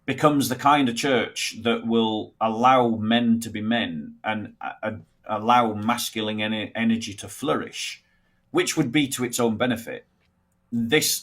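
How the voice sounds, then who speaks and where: A British man chatting as a livestream guest in a measured way, with a dry sense of humor. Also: medium pitch, fairly bright tone. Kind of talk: casual livestream chat.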